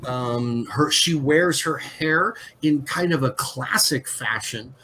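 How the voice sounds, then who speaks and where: A man narrating a tabletop game as game master, halting with many fillers and restarts. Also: mid-range voice, bright, forceful tone, slight background noise, rough recording.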